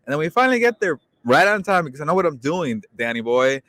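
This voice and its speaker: A man co-hosting a sports podcast, relaxed and teasing as he tells his side of the story. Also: fairly high pitch, fast talker, few pauses, no room sound. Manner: teasing, relaxed, lots of uh fillers. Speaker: podcast co-host. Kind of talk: casual chat.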